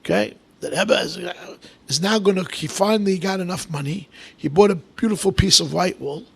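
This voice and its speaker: A man preaching as a rabbi, telling stories in an animated way, swinging between loud bursts and hushed asides, with Hebrew and Aramaic terms mixed in. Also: high-pitched, moderate pace, vocal fry, slightly rough. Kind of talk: storytelling sermon.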